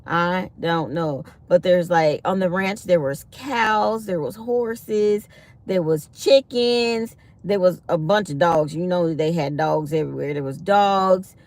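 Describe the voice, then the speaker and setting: A woman's voice: fairly low pitch, unhurried, a little mellow, no room sound. A woman, chatting to her viewers on a casual livestream and acting out what people said. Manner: chatty, talks to viewers as y'all, acts out quotes. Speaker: livestream host. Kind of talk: casual live-stream storytelling.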